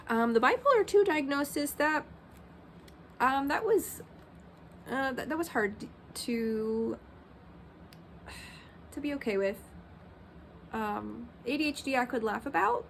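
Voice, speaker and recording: A woman's voice: a little high, normal speed, pauses often, slight background noise. A woman in her thirties talking candidly in a personal vlog, rambling with many fillers like "um" and "like". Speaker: Christian vlogger.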